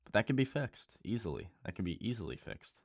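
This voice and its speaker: A young man hosting a live trading stream, talking casually and bluntly with lots of swearing and repetition, rising in pitch and volume when fired up. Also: very animated, quick pace, no echo, studio quality. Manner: blunt, profane, repeats himself, gets louder and higher when fired up. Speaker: livestream trading host.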